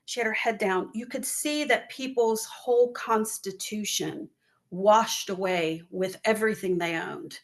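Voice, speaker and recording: A woman with a fairly high voice tells her story in an interview. She speaks earnestly and from the heart. She often slips into the voices of the people she quotes. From northwest North Carolina. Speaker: guest, business owner and charity founder. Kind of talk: interview answers, personal storytelling.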